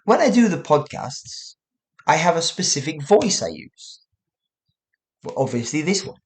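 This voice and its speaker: A man hosting an English-learning podcast, speaking slowly and deliberately so listeners can follow. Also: on the high side, very animated. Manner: deliberate, with long pauses. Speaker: podcast host and English teacher. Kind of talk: slow, clear podcast talk for learners.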